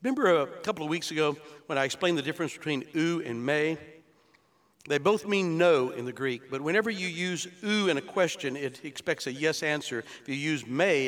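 A man's voice: on the high side, fairly bright tone. A male pastor preaching an expository sermon, explaining scripture in an earnest teaching tone that builds to emphatic peaks. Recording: long reverb of a large hall.

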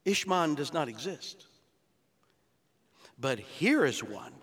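Man, pastor, high-pitched voice, expository sermon, earnest and emphatic, long echo of a church hall. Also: big pitch swings, slow, fairly bright tone, slightly rough. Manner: earnest teaching tone, building to emphatic peaks. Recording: long reverb of a large hall.

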